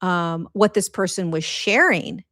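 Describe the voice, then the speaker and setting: A woman's voice: on the low side, a little slow, fairly bright tone, no echo. Earnest, rambling woman with a dry, close sound. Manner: earnest, rambling, conversational with many restarts and fillers. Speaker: spiritual teacher. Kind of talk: casual spiritual talk to followers.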